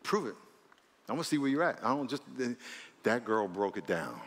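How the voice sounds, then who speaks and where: A man preaching a sermon as pastor, animated, with lots of repetition and acted-out dialogue in a church. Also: fairly low pitch, normal speed. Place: large church hall. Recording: long hall reverb.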